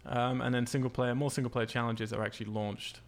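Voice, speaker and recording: Man, podcast host, gravelly voice, casual rambling chat. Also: mid-range voice, flat delivery, fairly quick. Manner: rambling, lots of ums and uhs.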